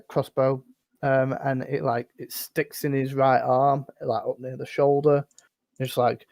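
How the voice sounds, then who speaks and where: A man narrating as dungeon master in a relaxed, rambling way, full of fillers. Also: medium pitch, dry recording. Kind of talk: narrating a tabletop game.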